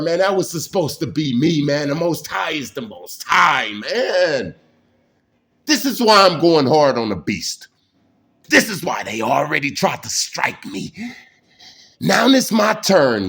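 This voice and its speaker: A man's voice: on the high side, a bit bright. Intense streetwise man telling his story. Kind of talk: casual personal storytelling.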